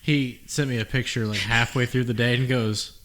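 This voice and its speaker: A man's voice: mid-range voice, fairly even intonation, normal speed, a bit bright. A man co-hosting a casual chat over drinks, telling stories in a matter-of-fact way. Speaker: podcast co-host.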